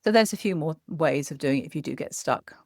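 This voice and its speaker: Woman therapist, slightly gravelly, dry close mic, gentle explainer. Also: deep voice, expressive, brisk, no room sound. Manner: gentle, explanatory, frequent "as well". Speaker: psychotherapist guest. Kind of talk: podcast conversation giving practical tips.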